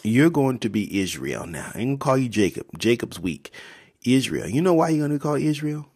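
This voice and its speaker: A man's voice: mid-range voice, big pitch swings, fairly quick, a little mellow, husky. A man voicing a tired, blunt male angel who has wrestled all night. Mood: solemn.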